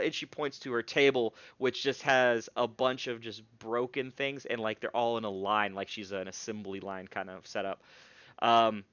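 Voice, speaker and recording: Casual halting game master. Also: male voice, medium pitch, little pitch movement, fairly bright tone, clear, resonant tone, no echo, muffled recording. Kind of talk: narrating a tabletop game.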